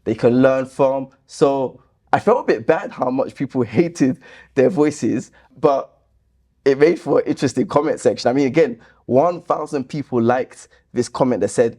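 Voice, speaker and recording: A man with a medium-pitched, slightly mellow voice reads viewer comments on his YouTube channel via a laptop camera mic. His talk is casual and chatty; he reasons through each one and turns indignant while rebutting.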